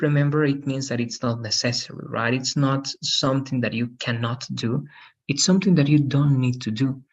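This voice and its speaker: A man records an English grammar lesson for students who will watch later. His voice sits in an ordinary middle pitch. He explains carefully, restarts phrases and keeps checking understanding with quick tag questions. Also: fairly bright tone, highs cut off. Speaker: English teacher.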